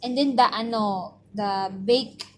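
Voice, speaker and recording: A woman's voice: a little high, takes it slowly, a little hiss or hum. A woman with a Filipino accent chatting casually at home at bedtime, coaxing a child and then reading a story aloud, tacking little particles onto her sentences. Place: bedroom at home.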